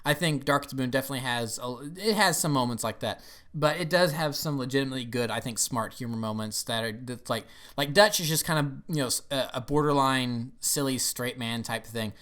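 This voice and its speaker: A man's voice: medium pitch, brisk, a bit bright. A young man giving casual, rambling commentary on a movie, often laughing and acting out lines.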